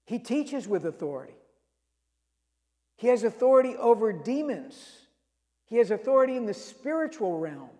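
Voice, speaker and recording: High-voiced male preacher in a reverberant hall. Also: big pitch swings, normal speed, long pauses, dark tone. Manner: storytelling, reads scripture aloud with emphasis. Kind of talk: sermon.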